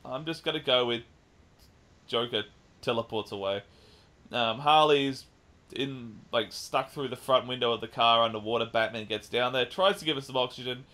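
A man co-hosting a podcast, casually recapping a film with lively retelling and the odd swear. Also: mid-range voice, normal speed. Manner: animated retelling with swearing and mimicked lines. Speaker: podcast co-host. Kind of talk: casual chat, film review.

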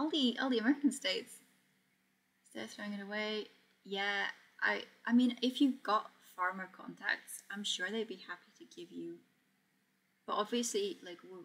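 In a mid-range voice that sounds pushed and bright, a young Portuguese woman chats her way through a casual sewing livestream. She reads viewers' messages aloud while working and laughs a lot.

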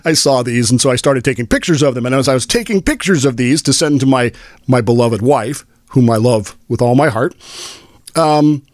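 In a fairly high-pitched voice, an older man from Washington State, US, hosts his own show and tells a long rambling story, frequently breaking into amused laughter. It's a clean studio recording without echo.

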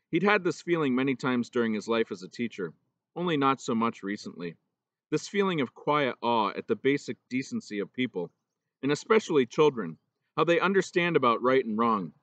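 A man reading a children's novel aloud in steady, measured storybook narration. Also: medium pitch, lo-fi sound. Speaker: audiobook reader.

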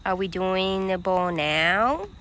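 In an outdoor dog play yard, a woman from a dog daycare records on a handheld phone, slowly cooing sing-song praise to the dogs in her casual vlog. Her voice is mid-range and fairly bright, and there's slight background noise.

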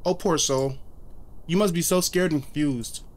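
A man's voice: a little high, normal speed, lightly acted. Tender mother figure read aloud by a man, soothing and plain, slightly raised voice. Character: gentle loving mother comforting her grown son.

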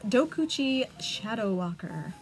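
A woman's voice: medium pitch, big pitch swings, unhurried. Giggly woman opening card packs. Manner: giggly, reads card names and flavor text aloud. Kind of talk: casual chat.

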